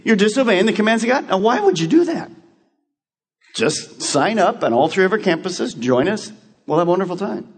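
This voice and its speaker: A male pastor delivers an urgent, exhorting sermon in a church sanctuary. His fairly high voice rises and falls in lively swings as he repeats key lines. A long hall reverb trails each phrase. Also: husky.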